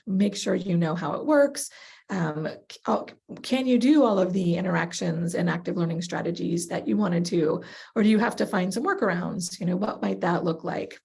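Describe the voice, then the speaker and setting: A woman gives a webinar talk over a video call, explaining each step with many fillers. Her voice is gravelly and husky. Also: mid-range voice, darkish tone. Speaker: presenter. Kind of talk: webinar presentation.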